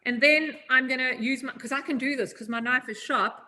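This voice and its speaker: Upbeat, bright-voiced woman chef. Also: high voice, a little fast. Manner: chatty, upbeat, self-joking. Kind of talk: live cooking demo.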